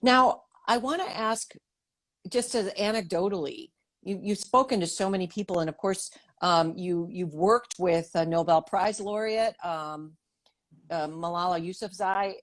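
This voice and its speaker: A woman's voice: on the low side, unhurried. A woman hosting a political interview, talking thoughtfully with many restarts. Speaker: host. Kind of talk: interview talk.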